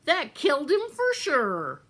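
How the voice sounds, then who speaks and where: A woman voicing a slow-witted, half-deaf kitchen maid in a read-aloud storybook, drawling her words slowly and simply. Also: high voice, wildly swooping pitch, a bit bright, pitched above the performer's own voice, full character voice. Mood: dim.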